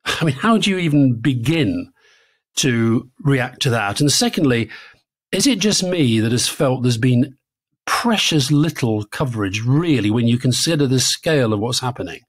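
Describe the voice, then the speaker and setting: A man's voice: medium pitch, animated, moderate pace, breathy edge. A British man co-hosting a political podcast in a casual, conversational way, often repeating words as he thinks aloud. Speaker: podcast co-host.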